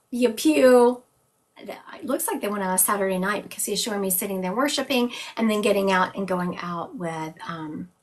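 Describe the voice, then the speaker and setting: A woman hosting a live psychic reading stream, relaying visions and chatting with viewers between readings. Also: medium pitch. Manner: describes visions as "he is showing me". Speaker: psychic medium host.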